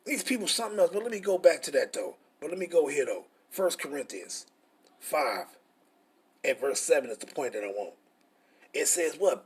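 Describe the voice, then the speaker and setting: A man's voice: a little high, very animated, moderate pace, slightly rough. A middle-aged man, teaching scripture in a frustrated, profane, repetitive way. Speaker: preacher.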